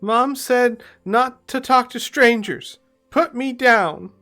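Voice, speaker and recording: A man putting on a shrill stubborn little girl. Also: takes it slowly, pushed and bright, faint music behind, full character voice. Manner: shrill, insistent demands. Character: small stubborn human girl, about four.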